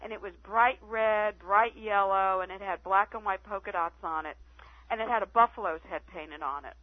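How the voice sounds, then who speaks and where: A woman guest telling stories on a phone-in radio interview, chatty and animated. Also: mid-range voice, moderate pace, dry recording. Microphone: telephone. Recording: tinny phone line, dry.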